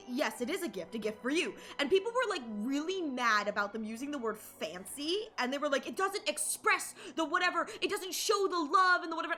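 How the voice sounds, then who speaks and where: A young adult woman streaming and chatting casually, animated and rambling with lots of fillers and restarts. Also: high-pitched. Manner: excited shouted greetings to chat. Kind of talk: casual live-stream chat.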